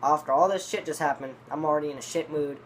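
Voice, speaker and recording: A man with a somewhat high voice talks quickly while reviewing dip tobacco, spinning a long, meandering story full of swearing. He restarts often, and there's a little background noise.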